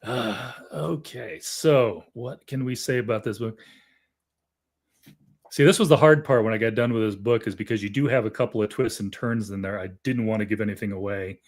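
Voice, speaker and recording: A man's voice: lowish voice, moderate pace. A man hosting a casual interview, asking easygoing questions in a friendly way. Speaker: interviewer, host.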